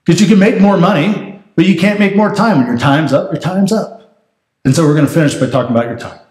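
A man pastor preaching a sermon in a conversational, animated way. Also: on the high side, a little fast, echoey room. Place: church sanctuary.

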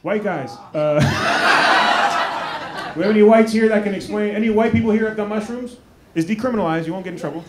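High-pitched guy comic teasing the crowd, loud and laughing, noisy live club sound. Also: normal speed. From Maryland, USA. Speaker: stand-up comedian. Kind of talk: crowd work. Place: comedy club stage. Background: audience laughter.

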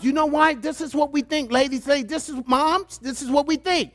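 A pastor preaches in a fairly high male voice, reading scripture aloud. He shifts readily into animated, playful asides to his congregation. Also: brisk. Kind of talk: sermon.

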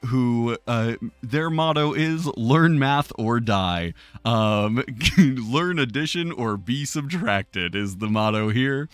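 This podcast co-host, medium in pitch, co-hosts a live-streamed talk show with playful, rambling chat and a mock news segment. Fillers and laughter come often, and there is no room sound.

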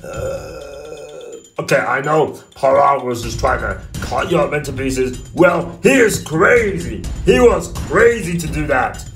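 A man's voice: a little high, expressive, slow pace, vocal fry, fairly bright tone, echoey room, soft background music. A man voicing a cartoon, talking in a whiny, exasperated way. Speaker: cartoon narrator and voice actor. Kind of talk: cartoon acting.

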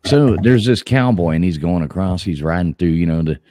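A man's voice: sits low, lively intonation, a little fast, dark tone. A man hosting a live stream chat, telling a crude joke and putting on voices for the punchlines. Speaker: host.

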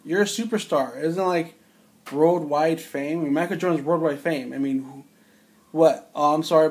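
A man in his forties with a fairly high, darkish voice speaks at normal speed. Recalling his film-set security work, he tells a rambling, incredulous anecdote in a casual conversational style.

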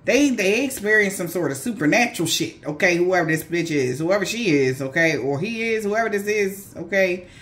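A woman's voice: on the low side, normal speed, hardly any pauses. Profane, laughing woman doing a psychic reading. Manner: profane, laughing, animated, talks straight to viewers. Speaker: psychic reader. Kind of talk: casual spiritual reading vlog.

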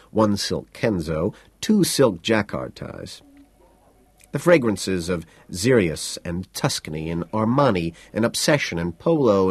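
A man reading a novel aloud as an audiobook, in an even, understated first-person narration. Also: on the low side, dry recording. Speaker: audiobook reader.

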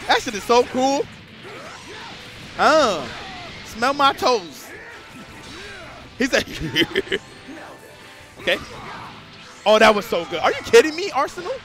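A man doing live commentary on a fighting game match, excitable and swearing freely, breaking into shouts. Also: high voice, measured pace, long pauses, faint music behind.

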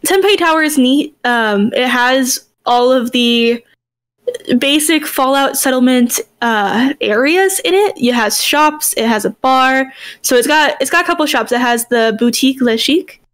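High-voiced, chatty woman on a podcast. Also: unhurried, fairly bright tone. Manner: chatty and enthusiastic, laughs easily. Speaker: podcast co-host. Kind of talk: casual chat about game lore.

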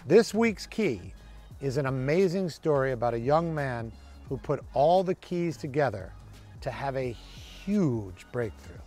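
A male tennis coach narrating a story in a calm, measured, unhurried manner. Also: mid-range voice, faint music behind.

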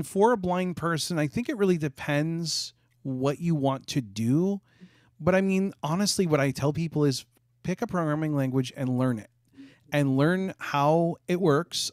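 A man's voice: a little high, clear, resonant tone, no room sound. A man answering questions as the guest game developer in a webinar, chatty and correcting himself as he goes. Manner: chatty, restarts and self-corrects.

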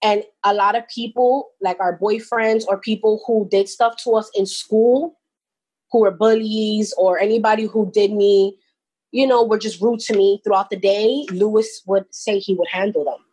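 A woman's voice: mid-range voice, fairly even intonation, moderate pace, darkish tone, breathy edge, rough recording. A young woman recounting a personal experience, rambling and restarting as she tells it. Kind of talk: personal storytelling.

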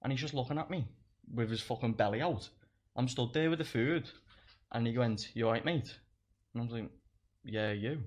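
A man's voice: mid-range voice, moderate pace, pauses often. A young man, telling stories in casual chat, swearing a lot and laughing through them. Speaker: guest comedian.

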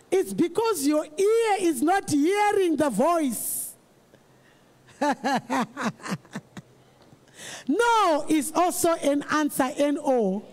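A pastor preaching a sermon, emphatic and repetitive, rising to shouts. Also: high-pitched.

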